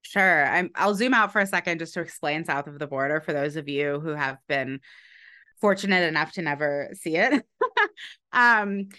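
An author and historian discusses her book in an unscripted podcast interview, her fairly low voice bright and forceful. She works through her points with many fillers and quick restarts, laughing lightly now and then.

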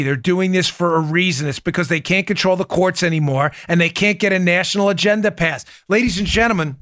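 Animated, bright-voiced male talk host. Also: sits high. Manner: animated, indignant, often addresses listeners as folks. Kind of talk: political commentary talk show.

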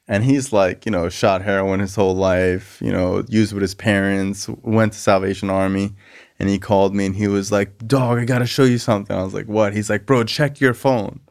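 Male host, lowish voice, easygoing and rambling. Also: vocal fry, a little mellow, smooth. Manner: laid-back, peppered with "like" and "you know". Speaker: podcast host. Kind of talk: casual recovery talk.

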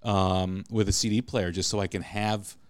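A man hosting a podcast interview, chatting casually and telling animated stories. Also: low voice, moderate pace, clear, resonant tone, no room sound. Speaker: podcast host.

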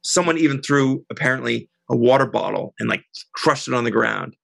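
A middle-aged woman as an interview guest, telling a heated story in an animated, indignant way. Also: very deep voice, fairly quick, gravelly, no room sound. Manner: animated, indignant, quotes others.

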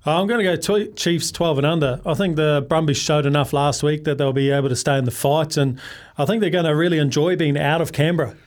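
Dry, joking New co-host. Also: male voice, a little high, steady tone, fast. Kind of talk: casual sports-betting chat.

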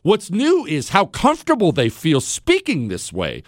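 Man, radio host, indignant, incredulous, higher-pitched voice, very animated, dry close studio sound. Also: unhurried, no echo. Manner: indignant, incredulous, swinging from mutters to outbursts. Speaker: radio talk show host. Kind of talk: opinionated call-in talk radio. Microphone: studio microphone.

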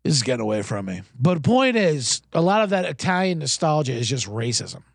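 Gravelly-voiced man hosting a betting show. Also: mid-range voice, sing-song, fairly quick, no room sound, studio quality. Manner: rambling, self-mocking, rhetorical questions. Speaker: host. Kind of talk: casual sports betting talk.

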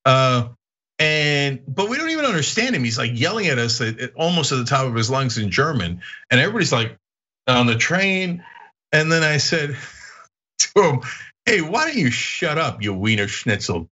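A man who grew up in Istanbul, hosting a podcast in casual chat and telling stories with excitement. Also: medium pitch, normal speed, dull audio. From Istanbul, Turkey. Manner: animated storyteller, voice jumps up when excited. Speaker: podcast host.

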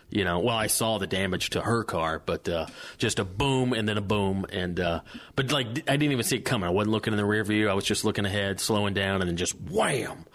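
A man's voice: fairly low pitch, fairly bright tone. A man co-hosting a podcast in casual chat, telling his own bad luck with a wry laugh. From Los Angeles area. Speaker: podcast co-host.

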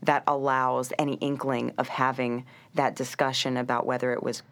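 A woman's voice: very deep voice, flat delivery, normal speed. An American woman, a guest on a talk show, chatting casually and telling a travel story. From United States. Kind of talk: casual chat.

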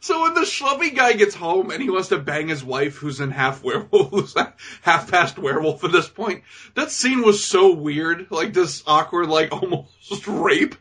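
A man with a high, husky voice and a bright, sharp edge, talking casually on a movie podcast. He is animated and profane, and he laughs as he acts out scenes from the film. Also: moderate pace. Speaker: podcast co-host. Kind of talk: casual movie-review chat.

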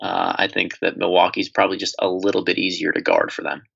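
A man talks through basketball on a casual podcast. His delivery is steady and analytical. The recording sounds a little dull and lo-fi. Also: sits low, quick pace, gravelly, slightly rough. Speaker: podcast co-host. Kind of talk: casual sports podcast chat. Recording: slightly dull lo-fi audio.

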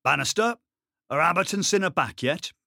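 A man's voice: on the low side, brisk, fairly bright tone, dry recording, clean studio sound, close to an everyday voice. A man reading an audiobook, voicing an agitated middle-aged male station commander who talks in a raised, urgent and exasperated way. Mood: alarmed.

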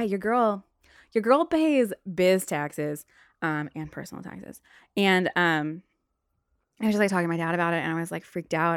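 A young woman hosting a casual solo podcast, blunt and profane, now and then flaring into shouty rants. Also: lowish voice, creaky, dry recording, studio quality. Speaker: podcast host. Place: bedroom.

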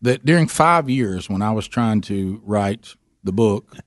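A man's voice: on the low side, animated, measured pace, no room sound, studio quality. A middle-aged man, telling a story in a casual interview, self-deprecating and often repeating himself. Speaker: guest talking about his men's ministry.

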